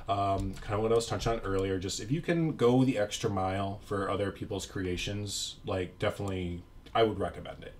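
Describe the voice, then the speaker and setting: A young man talks over his gameplay in a loose, rambling way, full of fillers and little self-deprecating asides. His voice sits on the low side for a man. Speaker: YouTuber. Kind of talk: casual gameplay commentary.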